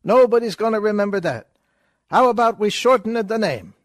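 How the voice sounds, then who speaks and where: A man's voice: sits high, brisk, no echo, clean studio sound, voice pushed up. A man doing a brash mock-Italian wisecracker. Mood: boisterous. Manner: broken comic English, loud and excitable. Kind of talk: comic reading with voices.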